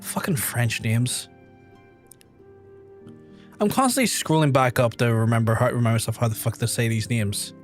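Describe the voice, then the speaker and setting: A man's voice: mid-range voice, normal speed, pauses often, faint music behind. A man streaming a game, chatting casually with his viewers, swearing freely and laughing often. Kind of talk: casual live-stream chat.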